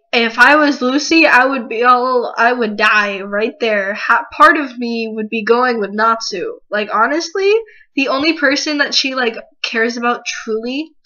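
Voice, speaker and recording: Excitable swearing woman with a bright voice. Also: fairly high pitch. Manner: emotional, excitable, swears freely. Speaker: manga reviewer. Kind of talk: casual video review. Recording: dull lo-fi recording.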